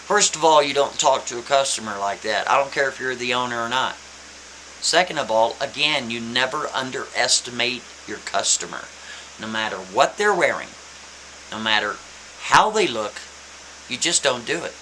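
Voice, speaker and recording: A man telling a story in a casual, animated, emphatic way, repeating his points. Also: medium pitch, moderate pace, low-quality recording. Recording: faint hiss.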